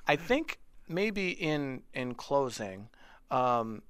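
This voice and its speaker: A man's voice: medium pitch, very animated, extremely slow, a bit bright, clean tone, dry recording. A man hosting a casual interview, asking friendly, rambling questions with fillers. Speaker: podcast host.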